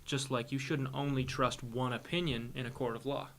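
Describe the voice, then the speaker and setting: A man's voice: mid-range voice, fairly even intonation, moderate pace, fairly bright tone. A young man co-hosting a podcast, chatting casually with strong opinions, swearing freely and often repeating words as he talks. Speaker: podcast co-host. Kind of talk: casual chat.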